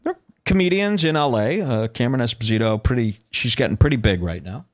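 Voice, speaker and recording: A man's voice: medium pitch, expressive, a little fast. A man hosting a solo podcast, delivering incredulous, ranting commentary and reading social media posts aloud. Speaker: podcast host.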